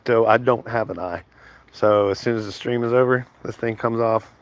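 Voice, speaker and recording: A man's voice: mid-range voice, fairly even intonation, normal speed. A man chatting casually on a stream as game master, rambling with plenty of fillers.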